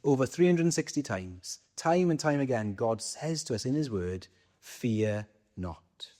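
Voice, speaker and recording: A Welsh man preaching to his congregation at a mid-range pitch. He talks in a conversational way, asking his listeners questions and then answering them himself. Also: animated, measured pace, mellow. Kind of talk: sermon.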